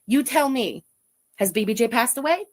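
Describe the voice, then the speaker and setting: A woman's voice: fairly high pitch, animated, normal speed. A woman in a played video clip, hesitantly walking through screenshots she recorded. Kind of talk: casual explanation in a played clip.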